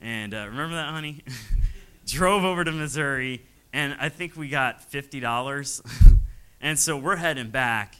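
A man's voice: mid-range voice, moderate pace, bright, forceful tone, clean tone, rough recording. A man, a missionary pastor, telling his story from the pulpit, chuckling often and acting out the voices of people he quotes. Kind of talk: testimony from the pulpit.

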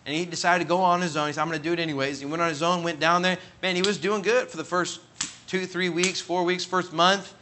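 A man's voice: steady tone, quick pace, background noise. A man preaching, telling a long personal story earnestly and with emphasis, and quoting others as he goes. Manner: earnest, emphatic, builds to loud high peaks when quoting others. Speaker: pastor. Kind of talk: sermon storytelling.

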